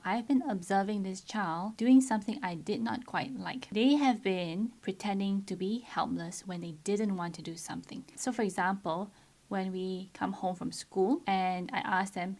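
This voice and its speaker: A woman's voice: mid-range voice, moderate pace. Earnest woman telling a parenting story. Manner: earnest, firm, acts out quotes of her child. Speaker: parenting vlogger. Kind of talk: personal storytelling to camera.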